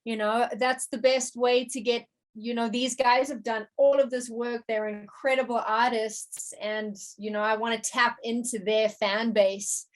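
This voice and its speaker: Higher-voiced woman, halting interview talk. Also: little pitch movement. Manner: halting, many restarts and fillers. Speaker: musician and producer, interview guest. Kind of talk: casual interview chat.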